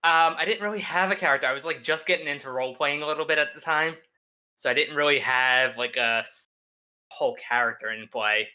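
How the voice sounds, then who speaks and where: A man's voice: fairly high pitch, brisk, pushed and bright, clear, resonant tone. A young man, a guest on a gaming podcast, telling stories in a laid-back way, full of fillers and easy laughs. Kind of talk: casual chat.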